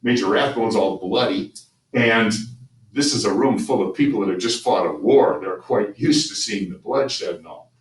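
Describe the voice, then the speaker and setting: A man's voice: lowish voice, moderate pace. A man teaching a history class, telling the story conversationally with frequent restarts. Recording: roomy, distant mic with faint ambient noise.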